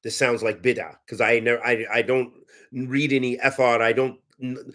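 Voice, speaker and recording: A man teaching and answering religious questions in a conversational, animated way, often restarting his sentences. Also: mid-range voice, moderate pace. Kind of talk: Q&A talk.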